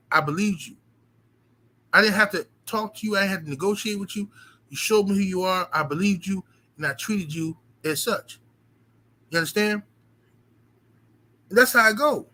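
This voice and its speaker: A man's voice, high-pitched and piercingly bright, tells a story to his stream audience. His delivery is emphatic, animated and loaded with profanity. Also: low-quality recording. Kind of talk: casual storytelling rant.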